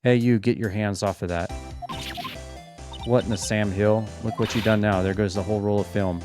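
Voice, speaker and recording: A man's voice: on the low side, a little slow. A man voicing a feisty Southern woman photographer with an exaggerated drawl, reading a game aloud. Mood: scolding. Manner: folksy, scolding. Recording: game music behind the voice.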